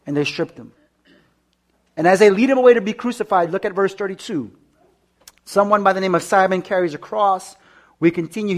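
A man preaching a sermon, reading scripture aloud, questioning his listeners and repeating key words for emphasis, with frequent stammered restarts. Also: fairly high pitch.

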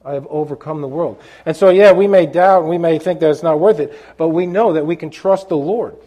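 Mellow-voiced man preaching a sermon. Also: a little high, a little fast. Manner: asks the listeners questions, restarts with fillers.

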